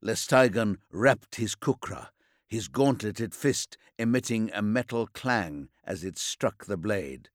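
Male audiobook narrator, slow and measured, dry close sound, mid pitch. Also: expressive, no room sound. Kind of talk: scripted narration.

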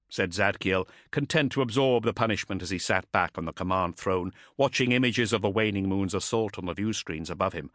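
A man's voice: sits low, normal speed, hardly any pauses, fairly bright tone, no room sound, clean studio sound. A man reading an audiobook in dramatic, vivid scripted narration.

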